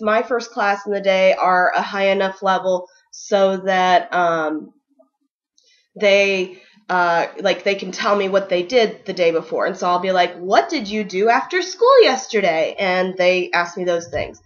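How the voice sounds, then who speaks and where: A woman's voice: mid-range voice, steady tone, moderate pace, dull audio. A young woman teacher giving casual, upbeat advice in a vlog, full of ums and likes. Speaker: ESL kindergarten teacher.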